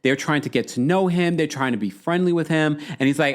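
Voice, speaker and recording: A man hosting a live talk show, chatting in a casual, animated way and reading out comments from viewers. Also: on the high side, a little fast, few pauses. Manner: animated, acts out quoted lines in shifting voices. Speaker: podcast host recapping reality TV.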